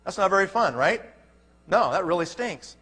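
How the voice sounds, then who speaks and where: A man's voice: high voice, animated, normal speed, pushed and bright, breathy edge. Folksy male motivational speaker in a hall. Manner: folksy, punchy, asks the crowd rhetorical questions. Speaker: network marketing leader. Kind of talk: motivational speech to a live audience. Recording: long hall reverb.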